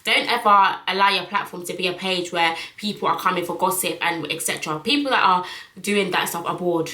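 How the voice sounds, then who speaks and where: A woman's voice: fairly low pitch, brisk, bright, forceful tone, echoey room, poor audio. A young woman, chatting frankly to camera in a casual vlog, full of fillers. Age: young adult. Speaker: vlogger.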